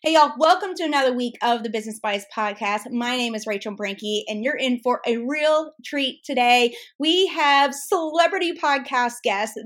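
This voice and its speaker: A woman hosts a casual podcast interview, gushing and chatty. Her voice sits a little high, and she talks like an excited fan. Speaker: podcast host.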